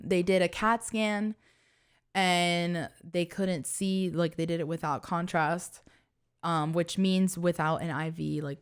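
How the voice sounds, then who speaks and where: Low-voiced woman telling a story casually. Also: smooth. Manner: earnest, many fillers, soft low-voiced reliving of fear. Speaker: podcast co-host.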